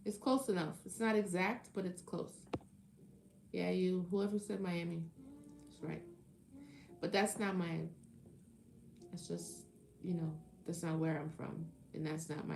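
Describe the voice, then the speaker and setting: A woman's voice: on the low side, gravelly, a little mellow. A woman hosting a live tarot stream, chatting playfully with viewers and reading their comments aloud. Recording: echoey room with faint music behind. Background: faint background music.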